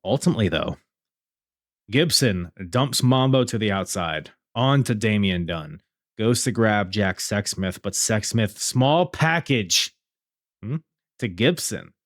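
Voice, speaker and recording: A man's voice: fairly low pitch, expressive, takes it slowly, a bit bright, dry recording, studio quality. A man hosting a podcast, reviewing wrestling shows in a casual, rambling way with many fillers. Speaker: podcast host.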